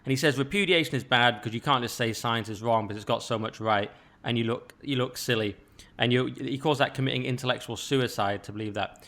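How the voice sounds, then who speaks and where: A man hosting a podcast, talking casually and rambling a little with quick asides and restarts. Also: mid-range voice, fairly bright tone. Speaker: podcast host.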